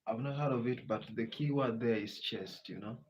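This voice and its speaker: Hosting a laid-back live Q&A, a Kenyan man with a Kenyan English accent reads out what viewers have commented and replies in a chatty manner. His pitch is medium and his speed normal. Faint background noise sits under the muffled, lo-fi recording.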